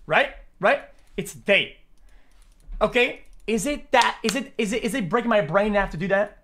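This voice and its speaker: High-voiced streamer, rambling and profane. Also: male voice, animated, bright, forceful tone, a little hiss or hum. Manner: rapid, rambling, profane, repeats words. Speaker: streamer reacting to a video. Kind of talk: live stream reaction commentary.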